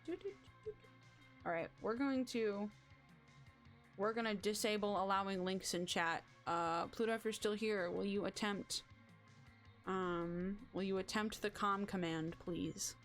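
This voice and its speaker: Young female streamer, mid-range voice, rambling and excitable chatter over soft background music. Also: mid-range voice, measured pace. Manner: excitable, rambling, self-mocking. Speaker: game streamer. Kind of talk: casual live-stream chatter.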